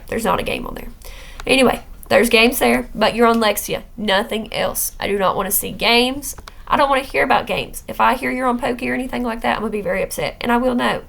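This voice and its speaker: Gravelly-voiced teacher woman explaining vocabulary. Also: on the high side, fairly bright tone. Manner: plain, repeats words and checks with "okay?"; firm about classroom rules. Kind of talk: recorded vocabulary lesson for students.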